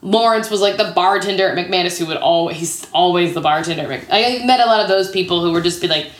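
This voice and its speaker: A woman in her thirties speaks quickly in a lowish voice. She's an improv comedian appearing as an interview guest, telling stories casually and chattily, with "like" sprinkled all through her speech. The recording has a roomy echo.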